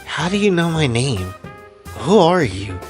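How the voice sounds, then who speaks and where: A man voicing a wary, blunt young anime girl, asking suspicious questions in a low, quiet tone. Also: sing-song, measured pace, faint music behind. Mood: confused.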